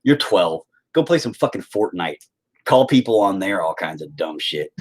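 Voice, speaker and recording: A young man chats casually on a live stream, crude and joking as he rambles to his viewers. His pitch swoops widely and now and then jumps into loud, high exclamations. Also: sing-song, moderate pace. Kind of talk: casual chat.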